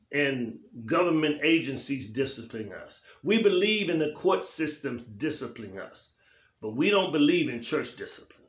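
A man's voice: on the high side, fairly bright tone. A male pastor teaching a Bible study in a church, speaking emphatically and repeating phrases for weight in a preaching cadence. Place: church sanctuary. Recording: roomy church echo.

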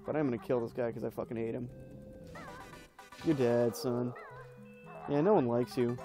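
A man's voice: medium pitch, fairly even intonation, rapid-fire, music in the background. A young man casually commenting while playing a video game, rambling and laughing through stories with lots of fillers. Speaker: let's play host.

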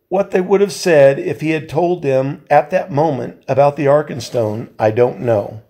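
A man, a volunteer reader, reading a novel aloud in a measured way, with occasional slips he corrects. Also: a little high, warm tone.

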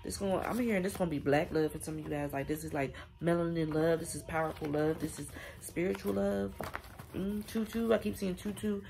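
Low, gravelly-voiced woman tarot reader. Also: fairly even intonation, a little fast, noisy background. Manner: chatty, affirming, addresses viewers directly. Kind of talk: casual spiritual reading to viewers.

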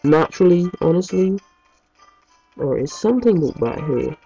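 A man's voice: high voice, lively intonation, a little slow, vocal fry, warm tone, breathy edge. A man giving rambling, chatty gameplay commentary as a let's play host from his home basement, with mild swearing. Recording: muffled lo-fi recording over game music.

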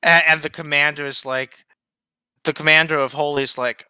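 A man's voice: fairly high pitch, flat delivery, normal speed, sharp tone, clean tone, dry recording. A man in a casual anime discussion, recapping the plot in long, rambling runs.

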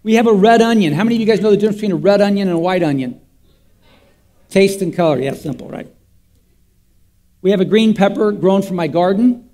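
A man's voice: high-pitched, quick pace, long pauses, dark tone. A man preaching an interactive sermon to his church, folksy and repetitive, quizzing the congregation call-and-response style. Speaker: pastor.

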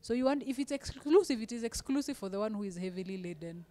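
A woman's voice: on the high side, lively intonation, fast, warm tone, long reverb tail. A woman on a Christian youth panel, speaking animatedly and quoting scripture with emphasis. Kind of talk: casual Christian discussion.

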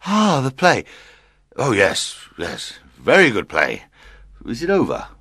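A woman's voice: wildly swooping pitch, moderate pace, creaky, a bit bright, dry recording, clean studio sound, exaggerated voice. A woman voicing a sleepy, doting old drunkard lord who mumbles his words. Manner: mumbling sleepily, dropping very low.

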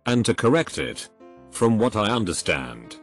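A man with a lowish voice reads short internet stories aloud. His pitch moves around a lot as he tells them, in a plain, even manner. Soft music plays faintly underneath. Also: measured pace, creaky. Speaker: narrator. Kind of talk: reading online posts aloud.

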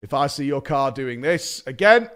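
A man's voice: mid-range voice, animated, moderate pace, a bit bright, clean tone, close to an everyday voice. A man voicing a stern, lecturing male police officer. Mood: scolding. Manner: bossy, lecturing.

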